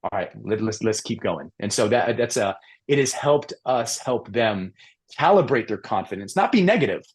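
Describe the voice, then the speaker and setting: A man's voice: lowish voice, moderate pace. A middle-aged man, a mental performance coach, talking earnestly in an interview and acting out the people in his stories. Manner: earnest, acts out quoted voices in stories. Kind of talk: conversational storytelling interview.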